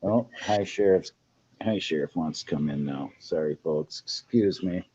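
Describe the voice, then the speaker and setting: A man's voice: low voice, measured pace. Chatty man on a lo-fi stream. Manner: chatty, laughs often, jokes with viewers. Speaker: host. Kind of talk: casual livestream chat. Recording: dull lo-fi stream audio with faint noise.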